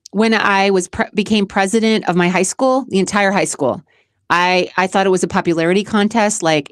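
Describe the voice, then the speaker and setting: A woman's voice: medium pitch, no echo, studio quality. A woman from Massachusetts hosting a casual vlog, answering questions in a chatty, emotional way, laughing often and restarting her sentences. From Massachusetts, USA. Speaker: show host and community founder.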